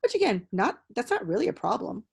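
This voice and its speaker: A young woman hosting a podcast in casual chat, an animated storyteller who swears freely. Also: on the high side, brisk, vocal fry, husky. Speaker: podcast host.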